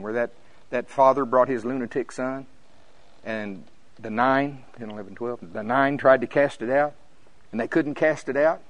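An older man from Oklahoma preaching a sermon as pastor, fervent and storytelling, his voice climbing high when he gets excited. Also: low-quality recording.

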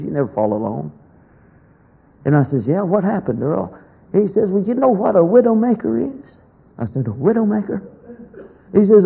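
A male preacher tells a folksy story with a gravelly, husky voice. He swings from shouting to near whispers as he works the story. The recording sounds dull and lo-fi. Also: on the high side. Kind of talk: sermon storytelling.

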